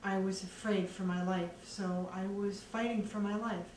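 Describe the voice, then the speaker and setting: A woman earnestly recounting her own story in a measured way, with many pauses. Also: medium pitch, fairly even intonation, darkish tone. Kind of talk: personal testimony. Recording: echoey room, distant mic, faint background noise.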